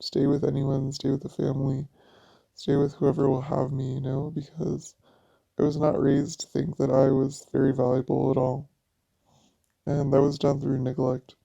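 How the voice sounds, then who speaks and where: A woman's voice: very deep voice, completely flat delivery, normal speed, warm tone. A woman in a personal vlog monologue, venting in a raw, profane way. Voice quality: gravelly vocal fry. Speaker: vlogger. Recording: dull lo-fi audio.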